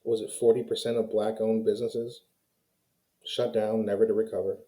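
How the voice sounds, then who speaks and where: A man's voice: lowish voice, level tone, normal speed, mellow, poor audio. A man hosting his own video channel, giving heated, opinionated commentary straight to his viewers. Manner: heated, ranting, talks straight to viewers as "guys". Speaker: YouTube commentary host. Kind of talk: opinionated casual commentary to camera.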